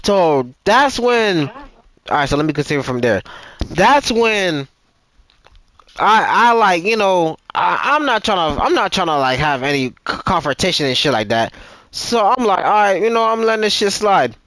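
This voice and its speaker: A man's voice: sits high, big pitch swings, unhurried, a bit bright, low-quality recording. A man in his twenties on a gaming voice chat, telling a story in casual, profane talk, stumbling and repeating himself as he goes.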